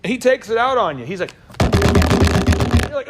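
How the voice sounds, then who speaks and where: A man hosting a business talk show, joking and firing quick questions at the people in the room. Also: very high voice, very noisy. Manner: animated, jokey, quick asides to the room. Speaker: business coach and show host. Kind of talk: lively talk to a live room.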